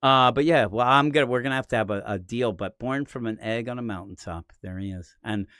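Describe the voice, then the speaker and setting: Fairly quick and fairly bright, an American man's voice comes through clean studio sound with no room sound. As a comic-book podcast co-host, he keeps the live-stream chat casual and jokey, now and then doing silly high accent voices.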